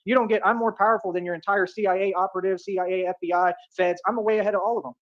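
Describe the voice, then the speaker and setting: A man from delivers a rapid, swaggering rant. He keeps circling back to the same boasts and pet phrases. The audio is muffled and lo-fi. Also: high-pitched, fairly even intonation. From Atlanta, United States. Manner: boastful, repetitive, keeps saying "real talk".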